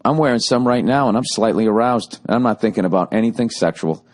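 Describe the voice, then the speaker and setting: A man's voice: fairly low pitch, fairly quick. A man hosting a solo podcast, half-mocking the ads he reads with profane, sarcastic asides before sliding into a loose rant. His voice sounds worn from nightly shows, and he talks casually and irreverently throughout. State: voice going hoarse from shows. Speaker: podcast host.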